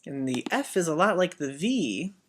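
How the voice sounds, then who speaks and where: A teacher giving a Biblical Greek lesson as a voice-over, speaking deliberately and repeating each word so learners can copy it. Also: mid-range voice, very animated. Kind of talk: slow instructional voice-over.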